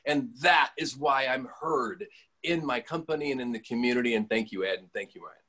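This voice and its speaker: A man's voice: medium pitch, brisk, sharp tone. Grateful heartfelt man guest. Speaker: podcast guest. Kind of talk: casual interview chat.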